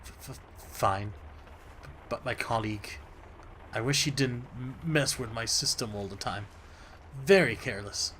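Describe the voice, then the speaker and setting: A man's voice: mid-range voice, unhurried, pauses often, fairly bright tone, slight background noise, close to an everyday voice. A man voicing a nervous, fussy librarian who stammers and speaks primly. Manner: stammering, prim and flustered.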